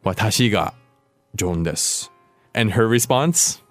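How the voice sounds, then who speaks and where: A man's voice: fairly low pitch, animated, a little slow, no echo, soft background music. A man hosting a podcast language lesson, patiently explaining a dialogue step by step. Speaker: language teacher host.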